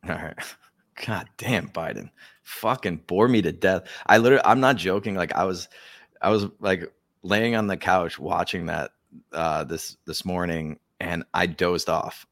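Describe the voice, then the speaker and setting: A man's voice: deep voice, measured pace, gravelly, fairly bright tone, dry recording, clean studio sound. A man co-hosting a podcast, talking in a casual, profane and sarcastic way. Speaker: podcast co-host. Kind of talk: casual political commentary.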